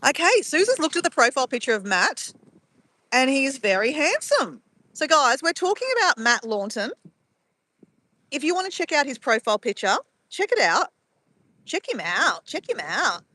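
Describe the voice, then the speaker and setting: A chatty woman with a bright, fairly high voice talks live to her viewers from her phone. She walks outdoors at sunrise, reading out chat messages as she goes. The sound is close and dry. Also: sing-song, normal speed, dry recording. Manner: chatty, greets viewers by name and reads chat aloud. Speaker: live streamer. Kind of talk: casual live-stream chat.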